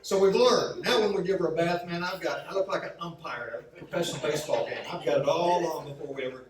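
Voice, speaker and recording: High-voiced preacher guy telling funny stories, mic kinda far, lots of church echo. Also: quick pace, a crowd in the background. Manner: humorous storytelling with acted-out quotes. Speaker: pastor. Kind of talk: sermon. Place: church sanctuary. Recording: very echoey hall, mic from far off.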